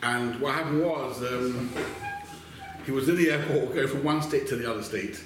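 A man giving a casual Torah class to a small group, telling a story and then going through Jewish law, talking in a halting way with many restarts and Hebrew terms. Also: mid-range voice, heavy reverb, background noise.

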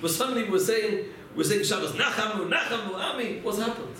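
A man's voice: sits high, brisk, fairly bright tone, slight background noise. Man lecturing in an echoey room. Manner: storytelling, asks and answers his own rhetorical questions. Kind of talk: religious lecture. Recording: echoey room, mic far off.

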